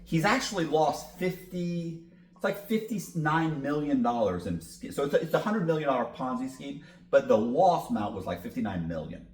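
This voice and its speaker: A man's voice: medium pitch, reverberant. A man guest in an interview, telling a long story with lots of cursing and acted-out dialogue. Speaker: podcast guest.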